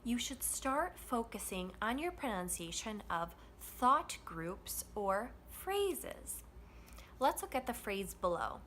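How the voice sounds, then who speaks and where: A woman teaching an English pronunciation lesson, modeling stress and rhythm with slow, deliberate phrasing. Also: fairly high pitch, sing-song, a bit bright, a little hiss or hum.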